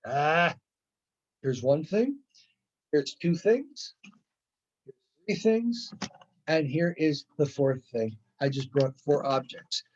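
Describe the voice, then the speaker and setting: Casting: male instructor, slightly raised pitch, casual lecture delivery peppered with "right?", slightly muffled recording. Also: animated, slow pace, pauses often. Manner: conversational, with frequent "right?" check-ins and playful acted-out examples. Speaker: college instructor.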